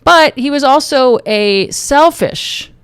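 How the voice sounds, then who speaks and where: A woman's voice: sits high, lively intonation, slow, fairly bright tone, no echo. A woman from Texas giving her opinions in a casual vlog, joking and rambling with many restarts. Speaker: YouTube commentator.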